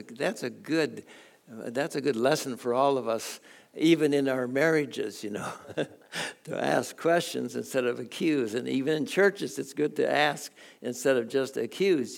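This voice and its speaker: Older man preaching with a gravelly, folksy voice. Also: fairly high pitch. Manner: folksy, chuckling, halting restarts. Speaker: guest preacher. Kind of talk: sermon with personal stories.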